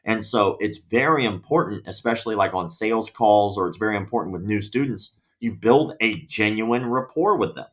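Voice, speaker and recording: Animated man telling stories. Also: fairly low pitch, moderate pace, hardly any pauses. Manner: animated storyteller, acts out quoted voices. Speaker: podcast guest. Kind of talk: casual interview chat.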